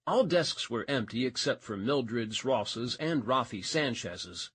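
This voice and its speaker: A man's voice: medium pitch, measured pace, a bit bright, breathy edge, no echo. A man narrating a romance audiobook, reading expressively and changing voice for each character.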